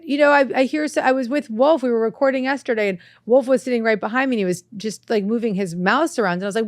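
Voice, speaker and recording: A woman hosting a self-help podcast, talking earnestly and reflectively, breaking into animated anecdotes. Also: on the high side, fast talker, hardly any pauses, no room sound, studio quality. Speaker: podcast host. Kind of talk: motivational self-help talk. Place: studio set with lights.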